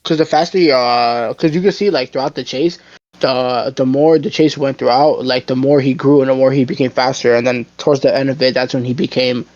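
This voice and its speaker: A man's voice: mid-range voice, fairly even intonation, brisk, a little mellow, lo-fi sound. A man co-hosting a casual podcast, laid-back and slangy, mostly agreeing. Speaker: podcast co-host. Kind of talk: casual chat.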